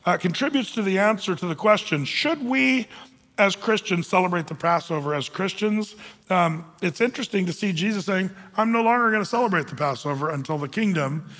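A man pastor gives a verse-by-verse Bible teaching in a loose, conversational way, often stopping to restart a thought. His voice sits a bit high and sounds bright and forceful. The sound carries the long reverb of a large church hall. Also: lively intonation, a little fast. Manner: conversational, with frequent fillers and restarts.

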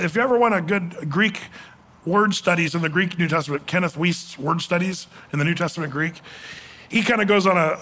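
A male preacher teaching a verse-by-verse Bible study in an animated, emphatic way, chuckling often. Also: fairly high pitch. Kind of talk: sermon.

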